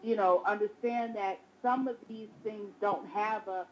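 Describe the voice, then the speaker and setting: A woman, a mother, talking casually in conversation, animated and often restarting her sentences. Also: mid-range voice, unhurried, muffled recording, slight background noise. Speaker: guest, mother.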